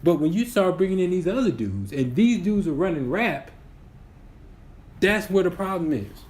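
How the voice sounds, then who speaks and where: Sitting high in pitch, this man's voice is sing-song and a little mellow at a moderate pace. He's in his twenties, co-hosting a podcast and casually arguing his opinions, restarting sentences while building his points.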